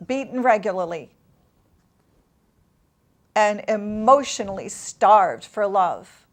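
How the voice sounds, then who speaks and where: A woman guest in an interview, telling a painful personal story in an emotional, halting way with long pauses. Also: medium pitch, lively intonation.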